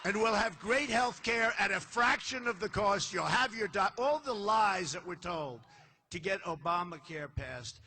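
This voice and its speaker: Older man, political candidate, high bright forceful voice, boastful punchy rally delivery, faint ambience behind. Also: expressive, a little slow, slight background noise. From United States. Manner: boastful, repetitive, punchy phrasing. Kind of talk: campaign rally speech. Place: large indoor arena.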